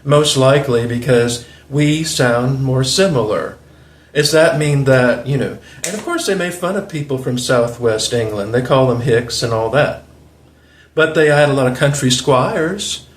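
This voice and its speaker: A man's voice: mid-range voice, a little slow, a little hiss or hum. A man in his forties with a Southern US accent, hosting a rambling, opinionated monologue with chuckling asides. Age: 40s. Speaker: video host. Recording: roomy echo.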